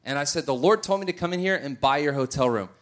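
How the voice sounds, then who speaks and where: A man's voice: on the high side, quick pace, noisy background. A male preacher telling stories in a sermon, acting out the voices of the people in them. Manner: animated, acts out voices in his stories. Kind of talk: sermon with storytelling.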